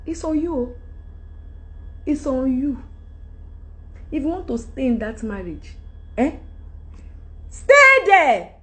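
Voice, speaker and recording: Animated Nigerian woman with a lively high voice. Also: slow, long pauses. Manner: animated, emphatic, jumps between topics. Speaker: actress giving advice. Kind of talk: casual monologue to camera.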